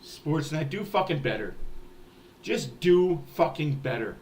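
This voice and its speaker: A man's voice: a little high, animated, measured pace, darkish tone, a little hiss or hum. A man hosting a hockey fan livestream, ranting in a heated, profane way. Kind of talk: ranting sports livestream talk.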